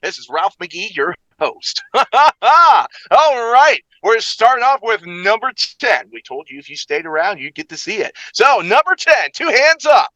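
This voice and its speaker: A man's voice: high-pitched, very animated, unhurried, pushed and bright, no room sound, lo-fi sound, voice pushed up, exaggerated voice. A man doing a hyped-up countdown host. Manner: bouncy announcer delivery with jokey asides.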